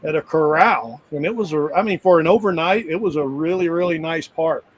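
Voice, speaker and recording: A man's voice: on the high side, brisk, a little hiss or hum, poor audio. A man in a casual live chat, telling travel stories in a rambling, easygoing way with frequent restarts. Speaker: full-time RVer guest.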